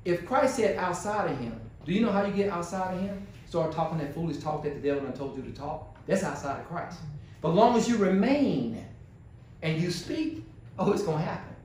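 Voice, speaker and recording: A male pastor preaching a sermon, swinging from low murmurs to high exclamations and firing rhetorical questions at the congregation. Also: lively intonation, fairly quick, darkish tone, slight background noise. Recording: very echoey church hall, voice far from mic.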